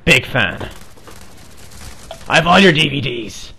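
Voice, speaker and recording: A man's voice: medium pitch, animated, slow pace, gravelly, pushed and bright, a little hiss or hum. A man trolling other players over game voice chat in a mock-earnest, playfully provocative way.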